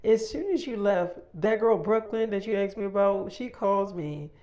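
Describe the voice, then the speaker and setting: A man's voice: high voice, lively intonation, a little mellow, pitched above the performer's own voice. A man voicing a brash, gossipy young woman who talks bluntly and curses heavily in a freestyle audio story. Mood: heated gossip. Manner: blunt, rapid gossip with heavy cursing.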